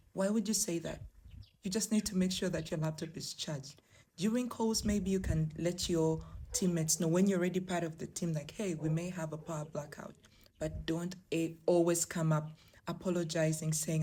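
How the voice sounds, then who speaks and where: A woman's voice: sits low, normal speed, dark tone. A young woman from Africa giving emphatic, encouraging career advice straight to her viewers in a vlog. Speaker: remote work vlogger. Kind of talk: direct-to-camera advice vlog.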